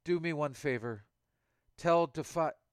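A man voicing a calm, dignified female artificial intelligence who defends herself in a measured way. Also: a little high, clean tone, no echo, clean studio sound, voice pushed up, natural voice. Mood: pleading. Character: female AI, calm, defiant, self-made.

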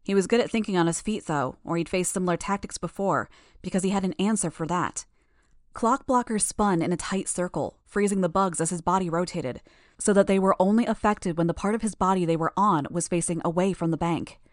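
Woman narrator, lowish voice, dry close mic, steady first-person storytelling. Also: fairly quick, dry recording. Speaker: audiobook narrator.

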